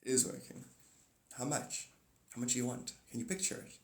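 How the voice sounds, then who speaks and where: Speaking a little fast at medium pitch, a man hosts a casual livestream where he reads comments and drifts animatedly through spiritual musings. It's captured on a phone microphone, and the room echoes.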